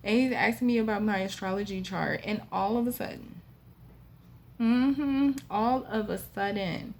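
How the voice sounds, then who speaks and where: A woman host telling a spooky personal story in a chatty, animated way with frequent asides to the listener. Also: mid-range voice, measured pace, vocal fry, slight background noise. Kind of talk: casual storytime.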